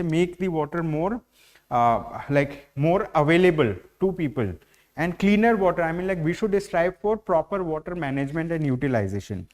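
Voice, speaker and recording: A man with an Indian English accent teaching current affairs in an online exam-prep lecture, explaining step by step and leaning on "like, you know". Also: on the high side. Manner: explanatory, heavy use of fillers like "you know".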